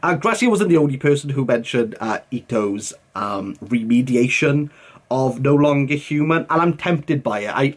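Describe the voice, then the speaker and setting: A young man with a voice pitched a little higher than most men's, with a husky edge to it. His delivery swoops up and down as he chatters informally, leaning on fillers and British slang as a vlogger answering comments. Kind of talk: casual chat to camera.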